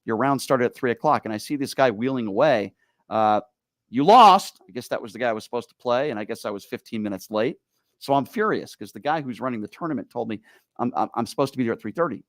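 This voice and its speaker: A man hosting a talk radio show, telling stories in an animated, exasperated way. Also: medium pitch, fast, no echo, studio quality. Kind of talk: casual talk radio chat.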